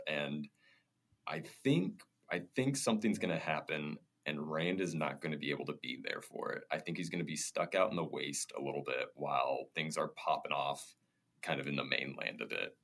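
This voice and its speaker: A man's voice: a bass voice, gravelly. A man co-hosting a casual book podcast, thinking aloud through his predictions. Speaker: podcast co-host. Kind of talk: casual chat.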